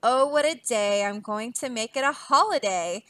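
A woman's voice: on the high side, lively intonation, normal speed, fairly bright tone, no room sound. A woman voicing a pompous, snappish king while reading a storybook aloud. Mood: gleeful. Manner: boastful, snappish. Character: boastful pompous grown man king.

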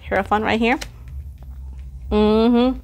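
A woman doing a casual tarot reading to camera, chatty, playful and teasing, getting excited as she goes. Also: a little high, slow. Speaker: tarot reader.

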